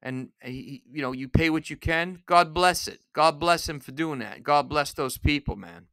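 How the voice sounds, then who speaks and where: A man hosting a podcast alone, delivering an angry, profane rant that bursts into shouting. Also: fairly high pitch, moderate pace, vocal fry, dry recording, clean studio sound. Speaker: podcast host. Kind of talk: solo ranting podcast.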